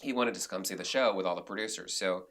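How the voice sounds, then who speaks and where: A man being interviewed on a podcast, a director and actor telling animated stories in a casual, rambling way with many restarts. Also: low voice, fast talker.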